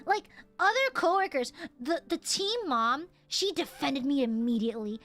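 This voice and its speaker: A young woman streamer chatting casually with viewers, telling stories in an animated, swear-filled way. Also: sits high, measured pace, hardly any pauses, soft background music. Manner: animated, swears often, lively storytelling.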